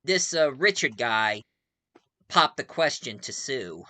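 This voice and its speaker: A man's voice: medium pitch, very animated, takes it slowly, bright, forceful tone, no echo. A man reviewing a movie in a casual, rambling way, full of fillers and frequent chuckles.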